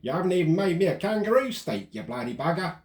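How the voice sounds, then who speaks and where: A man putting on a deliberately bad Australian accent to voice a grumbling male model builder who complains about being hidden away. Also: high voice, sing-song, reverberant, voice pushed up. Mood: indignant. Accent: put-on Australian, badly done. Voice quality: rough, cursing, indignant.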